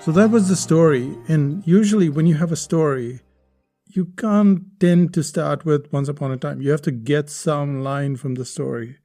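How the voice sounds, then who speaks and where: A man's voice: a little high, moderate pace, mellow, soft background music. A man hosting a podcast lesson on writing, explaining step by step and posing rhetorical questions to the listener. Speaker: podcast host teaching writing.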